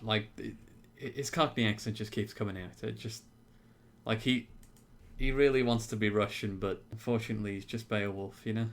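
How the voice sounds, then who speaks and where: A man's voice: lowish voice, steady tone, brisk, a little hiss or hum. A man co-hosting a podcast, giving dry, wry remarks in a casual film review chat. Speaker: podcast co-host.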